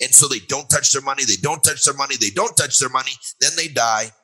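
Bright, husky older man explaining. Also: medium pitch, quick pace, hardly any pauses, poor audio. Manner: emphatic storytelling with repeated refrains and acted quotes. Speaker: guest author on a finance show. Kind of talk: conversational interview, explanatory.

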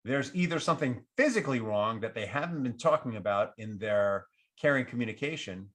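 A man giving relationship advice, acting out what partners might say in a livelier voice. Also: brisk. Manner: animated, acts out quoted partners with lifted pitch. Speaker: relationship advisor. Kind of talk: advice talk to camera.

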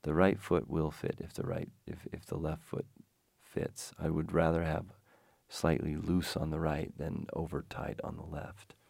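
Slow, gravelly low-voiced man. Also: level tone, darkish tone, no echo. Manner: wry, self-deprecating humor; digressive, frequent restarts. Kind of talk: rambling personal anecdote.

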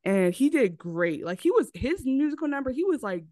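A woman's voice: sits high, normal speed, no echo. A woman co-hosting a podcast in casual chat, telling movie plots with lots of acted quotes. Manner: animated storytelling with acted quotes. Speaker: podcast co-host.

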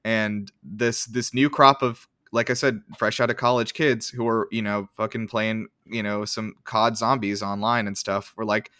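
A man's voice: fairly low pitch, little pitch movement, normal speed, few pauses, bright, forceful tone, no echo, studio quality. A man co-hosting a casual podcast chat, rambling with lots of fillers and casual swearing. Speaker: podcast co-host.

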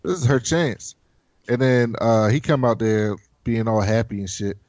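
A man's voice: medium pitch, moderate pace, dry recording, lo-fi sound. Profane man recapping a show. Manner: animated, profane, acts out characters' lines. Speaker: podcast host. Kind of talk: casual show recap chat.

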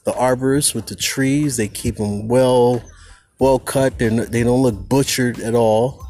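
A man's voice: medium pitch, a little slow, faint music behind. A man hosting a podcast, recording a casual, preachy monologue outdoors on a campus. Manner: preachy, animated, talks to listeners as people. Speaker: podcast host. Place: outdoors on a campus among trees and birds.

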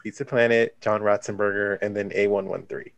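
A man's voice: on the low side, little pitch movement, a little fast, gravelly, dry recording. A man hosting a casual chat about a film, talking loosely with lots of fillers. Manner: chatty, leans on "like". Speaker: podcast host.

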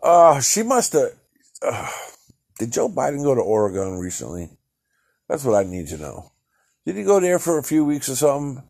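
A man's voice: medium pitch, wildly swooping pitch, moderate pace, gravelly, pauses often, a little mellow. A middle-aged man hosting a solo podcast, ranting in a profane, exasperated way and laughing in disbelief. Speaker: podcast host.

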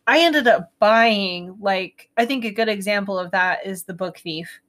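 A young woman chats on a casual podcast in an easygoing way and laughs readily. Her voice has a mid pitch. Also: a little slow, a bit bright. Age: young adult. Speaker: podcast co-host. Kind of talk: casual chat.

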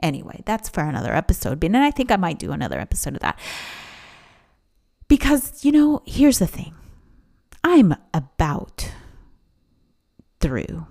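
Female podcast host, solo and casual, emphatic, swings her pitch widely. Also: moderate pace, creaky, pauses often. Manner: emphatic, animated, acts out quoted voices.

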